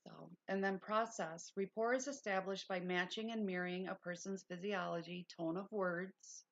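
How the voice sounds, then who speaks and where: A woman's voice: lowish voice, steady tone, normal speed, vocal fry, dull audio. A woman hosting a casual livestream lesson, reading notes aloud and breaking off into chatty asides. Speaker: livestream host.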